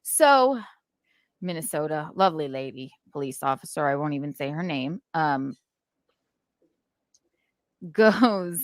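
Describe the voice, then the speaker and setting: A woman's voice: deep voice, animated, moderate pace, long pauses, fairly bright tone, no room sound. A woman on a podcast, casually telling a story with laughter and quoted dialogue.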